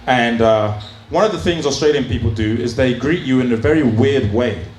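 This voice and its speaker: A man's voice: medium pitch, normal speed, darkish tone, a little hiss or hum. A man doing open mic stand-up in a small comedy club, telling crude stories in a chatty way full of fillers. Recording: roomy club sound, faint ambience.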